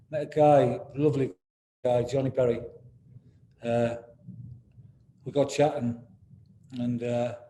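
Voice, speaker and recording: A man in his sixties being interviewed, speaking candidly and haltingly, with many repeated words and "you know"s. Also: medium pitch, warm tone, slight background noise. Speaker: interview guest, former footballer.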